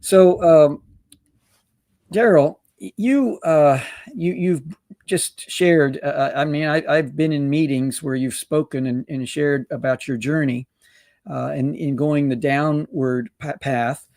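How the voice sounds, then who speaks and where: A man's voice: fairly high pitch, takes it slowly, darkish tone, no room sound, clean studio sound. A man hosting an interview, talking in a rambling way. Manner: rambling, full of fillers and restarts. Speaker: host. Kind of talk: interview host.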